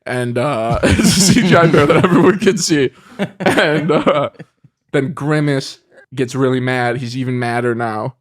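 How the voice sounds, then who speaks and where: A man's voice: mid-range voice, no echo, clean studio sound. Rambling man telling a comedy bit. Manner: rambling and animated, trailing off with frequent laughs. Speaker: comedy podcast co-host. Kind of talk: improvised comedic storytelling. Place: podcast studio.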